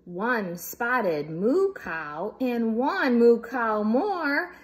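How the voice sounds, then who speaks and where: Woman, high voice, slow and unhurried, storybook reading for kids, playful, animal sounds. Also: expressive. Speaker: storybook reader. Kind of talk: reading a picture book aloud for children.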